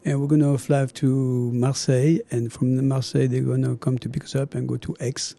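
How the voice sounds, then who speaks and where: A middle-aged chef with a French accent talks in a very dark, mellow voice. He tells his stories with animation, acting out the people in them and laughing often. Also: medium pitch, moderate pace, creaky. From France. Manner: animated storyteller, acts out dialogue, laughs often. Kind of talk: casual interview chat.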